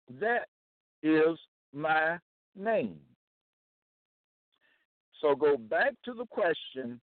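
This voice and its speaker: A man with a slightly high voice gives a slow Bible teaching to camera. He is emphatic, repeats key phrases, and often checks that listeners are following. The recording is dry, narrow, and tinny.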